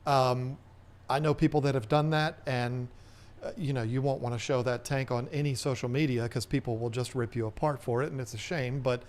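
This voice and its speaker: A man's voice: mid-range voice, fairly even intonation, fairly quick, a little mellow, slight background noise. A man hosting a casual livestream Q&A, chatting in a rambling way and reading viewer comments aloud. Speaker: host.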